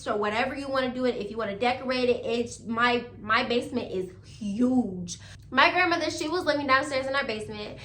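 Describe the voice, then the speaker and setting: A young woman telling a story to her viewers in a chatty, animated, slangy way, laughing now and then. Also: high-pitched, reverberant. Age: young adult. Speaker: storytime YouTuber. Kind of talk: casual storytelling to camera.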